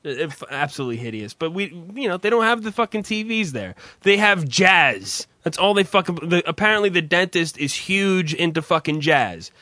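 A male radio host rants in casual banter, blunt and profane, tripping over his own restarts. His voice is bright and fairly high for a man. It sounds dry and close to the mic. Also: sing-song, moderate pace, few pauses, no room sound. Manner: blunt, ranting, swears constantly, stammers into restarts.

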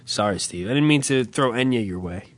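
A man's voice: medium pitch, a little fast. Profane rambling man on a podcast. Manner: rambling, profane, animated storytelling. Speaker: podcast co-host. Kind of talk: casual profane podcast banter.

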